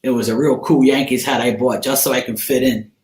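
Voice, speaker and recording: A man's voice: mid-range voice, steady tone, brisk, a little mellow. Rambling man telling a story in an echoey room. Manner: rambling, repeats and restarts, laughs while telling. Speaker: channel host. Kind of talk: casual storytelling. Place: room in a home.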